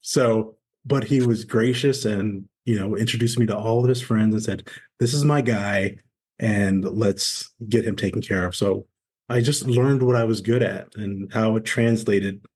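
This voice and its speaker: A man's voice: on the low side, moderate pace, husky. A man in his forties, a former Navy SEAL, candidly telling his story as a podcast guest and acting out the voices of people he met. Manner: candid, animated storyteller acting out quoted dialogue. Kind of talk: conversational storytelling interview.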